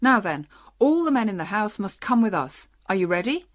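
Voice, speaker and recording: A woman's voice: mid-range voice, big pitch swings, moderate pace, close to an everyday voice. A woman reading the part of a stern hangman who gives curt orders in a storybook reading. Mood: commanding. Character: stern commanding man, a hangman.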